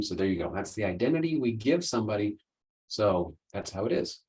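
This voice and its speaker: A man's voice: lowish voice, very animated, brisk, a little mellow, rough recording. A man hosting a solo podcast, explaining ideas in an earnest, conversational way. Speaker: podcast host, coach.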